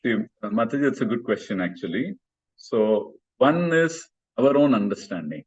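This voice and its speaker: A man's voice: mid-range voice, animated, normal speed, darkish tone, breathy edge. A man, teaching a scripture class over a video call and explaining in a patient, hesitant way with many fillers. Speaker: spiritual class speaker. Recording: muffled video call audio.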